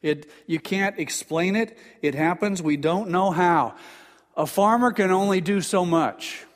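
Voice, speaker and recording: A man's voice: high voice, measured pace, in a large hall. An older man preaching a sermon as pastor, earnest, often stumbling and repeating words as he builds emphasis, on a pulpit microphone.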